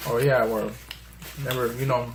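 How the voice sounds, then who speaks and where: A man's voice: medium pitch, steady tone, normal speed, a little hiss or hum, rough recording. A man telling a story in a laid-back way, swearing and acting out quotes. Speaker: vlog co-host. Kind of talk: casual couple storytelling.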